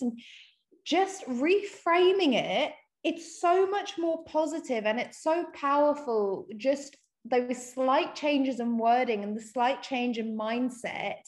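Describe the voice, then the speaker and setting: A woman speaking in a slightly high voice, earnest and encouraging. She talks casually and often repeats words as she goes along. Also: a little slow, darkish tone. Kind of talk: casual conversation on self-compassion.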